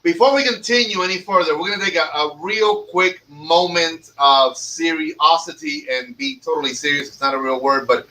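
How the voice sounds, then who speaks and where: A man hosts a casual comedy podcast, speaking at normal speed with barely any pauses in a sharp voice on the high side. His banter is brash and profane, full of jokes at his co-hosts' expense. The recording places him slightly off-mic.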